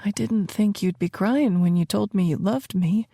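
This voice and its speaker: A woman's voice: medium pitch, moderate pace, dark tone, breathy edge, dry recording, clean studio sound. A woman reading a tender young man.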